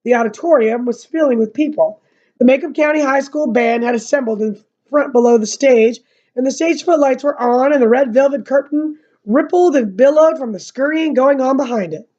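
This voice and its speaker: Young woman reading a book out loud for class, kinda high voice, muffled lo-fi sound, chatty asides between passages. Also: moderate pace. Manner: casual asides between reading, slightly monotone narration. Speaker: teacher reading a novel aloud. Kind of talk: read-aloud with commentary.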